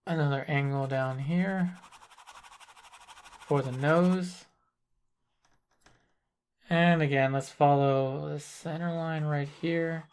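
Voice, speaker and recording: Male painting instructor, gravelly voice, slow deliberate narration while working in the studio. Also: a little high. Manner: thinks aloud while working, calm and deliberate. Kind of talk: live painting demonstration.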